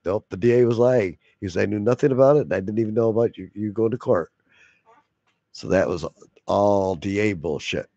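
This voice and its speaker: A man's voice: fairly low pitch, fairly quick, warm tone, no room sound, highs cut off. A man telling a long profane story in a casual way, laughing often and acting out the other voices. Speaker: video blogger.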